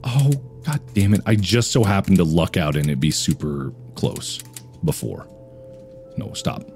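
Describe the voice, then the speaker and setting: A man's voice: low voice, very animated, unhurried, vocal fry, darkish tone. A man hosting a horror game let's play, talking to himself, jumpy and reacting with frantic repeats and swearing. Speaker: gaming channel host.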